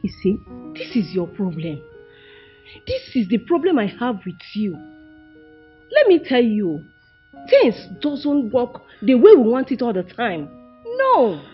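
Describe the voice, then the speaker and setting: A woman's voice: on the high side, wildly swooping pitch, unhurried, long pauses, husky, full character voice. A woman with a Nigerian accent playing a pushy royal mother who pleads with her grieving daughter in a film drama. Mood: coaxing. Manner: coaxing, pleading, insistent. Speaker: mother of a princess. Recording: slightly dull film audio, faint music.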